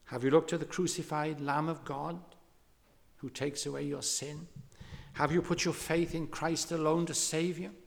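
A man preaching a sermon, telling a story with lively emphasis and pressing his hearers with questions. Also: fairly high pitch, moderate pace, gravelly. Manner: animated storytelling preacher, rising to impassioned exhortation. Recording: long hall reverb.

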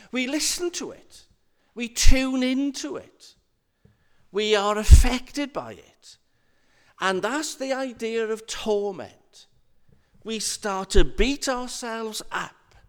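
A man, a minister, preaching a sermon in an earnest, repetitive cadence. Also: sits high.

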